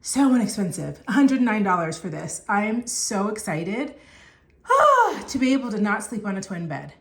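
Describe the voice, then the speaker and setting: A middle-aged woman chatting excitedly in a casual home makeover vlog, recorded indoors at her home. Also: medium pitch, normal speed, reverberant.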